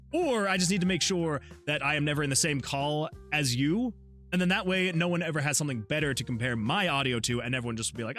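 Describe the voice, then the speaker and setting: This fast talker has a fairly high, fairly bright voice, with soft music in the background. A solo game developer, he chats casually on his livestream using a USB desktop mic, often laughing and reading chat messages aloud.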